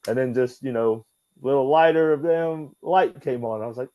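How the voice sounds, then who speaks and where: A man, a guest in an interview, telling animated, profane stories and acting out the dialogue. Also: medium pitch, normal speed, dry recording, poor audio. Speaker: guest, former wrestler. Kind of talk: casual storytelling interview.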